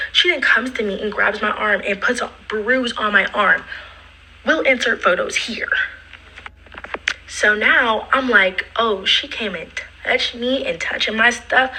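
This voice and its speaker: A woman's voice: mid-range voice, slight background noise, rough recording. A young woman casually retelling a personal story, acting out the quotes and dropping into whispered asides. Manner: animated, acts out quotes, drops to whispered asides.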